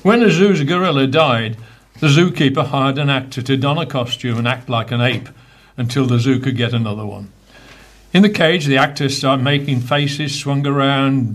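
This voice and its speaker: A man co-presenting a radio show, briskly rattling off jokes and correcting his own slips. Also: mid-range voice. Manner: brisk, rushes through jokes, corrects himself. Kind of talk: casual joke-telling.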